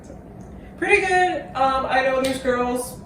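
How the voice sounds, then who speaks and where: A young woman vlogger talking casually to the camera in a fairly high voice, swearing now and then. She sits well back from the mic. The room is echoey, with faint noise behind her. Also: slow. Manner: casual, swears, counts aloud in a low voice. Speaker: vlogger host. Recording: roomy echo, from far off, faint noise.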